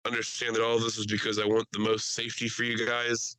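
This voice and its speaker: A man's voice: medium pitch, completely flat delivery, fast talker, sharp tone, clear, resonant tone, no echo, close to an everyday voice, low-quality recording. A man voicing a formal, apologetic airline captain with a thick South African accent.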